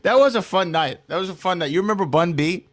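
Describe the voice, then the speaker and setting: A man's voice: high voice, fast talker. A man co-hosting a podcast, telling stories in casual chat and laughing often. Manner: lively, laughing storyteller. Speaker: podcast co-host.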